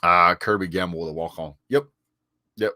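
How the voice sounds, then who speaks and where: A very low-voiced man banters through a live stream, reading out viewer comments and firing back. He stammers and repeats words now and then, and his voice sounds close and dry with no room around it. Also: steady tone, normal speed, sharp tone, dry recording. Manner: reads viewer comments aloud and answers them; frequent chuckles and "sir" rebuttals. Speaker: sports vlogger reading live chat.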